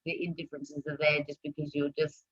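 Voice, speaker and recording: A woman hosting a live talk stream, talking casually and turning loud and animated when she presses a point. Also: low voice, quick pace, breathy edge, muffled recording. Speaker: host of a live talk show.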